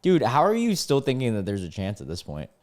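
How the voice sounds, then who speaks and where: A man's voice: mid-range voice, huge pitch swings, a little fast, a little mellow. A young man casually reacting to online posts as a streamer, talking in loose slang and calling people bro and dude.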